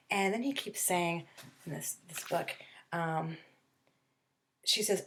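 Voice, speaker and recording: Casual woman teacher, lowish voice. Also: a bit bright. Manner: casual, rambling, with many fillers and restarts; acts out characters' lines in quick bursts. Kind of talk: remote lesson talk on a novel.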